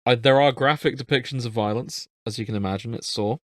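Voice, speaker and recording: A man's voice: medium pitch, quick pace, no echo, studio quality. A man co-hosting a casual podcast chat, joking and laughing at himself. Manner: laughing, self-deprecating banter. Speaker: podcast co-host.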